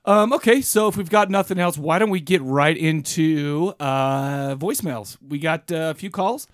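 A man in his thirties co-hosts a casual podcast, rambling and restarting his sentences. His voice sits a bit high and the sound is dry and close, with no room around it. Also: normal speed, no room sound. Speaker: podcast co-host. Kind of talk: casual chat.

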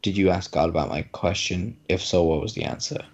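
A man's voice: low-pitched, brisk, slightly rough, muffled recording. A man voicing a destitute poor man in a parable, pleading and resentful.

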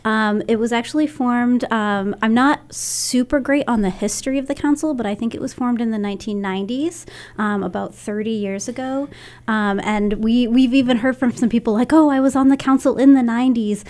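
A woman's voice: a little high, normal speed, darkish tone. A woman chairing a local committee, explaining its work as a radio guest with frequent ums.

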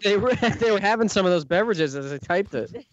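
Joking guy on a podcast, slightly high voice, muffled lo-fi mic, dry. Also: animated, background noise. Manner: joking, quick quips. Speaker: podcast co-host. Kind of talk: casual chat.

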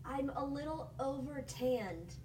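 Roommate, female, bubbly and giggly, very animated pitch, light noise. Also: slow, rough recording. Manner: giggly, excitable, swings loud and soft. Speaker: host's roommate. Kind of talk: casual banter.

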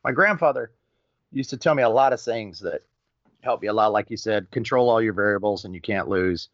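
Animated storytelling man, muffled dry audio. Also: on the low side, a little fast, dry recording. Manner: lively, acts out quoted voices, swears casually. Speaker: podcast guest.

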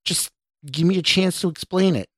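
A man's voice: sits high, moderate pace, fairly bright tone, dry recording, studio quality, pitched above the performer's own voice. A man voicing a jittery, stammering young scientist. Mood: nervous. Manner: stammering, anxious, pleading. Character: nervous young male scientist, defensive. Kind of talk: audio drama reading.

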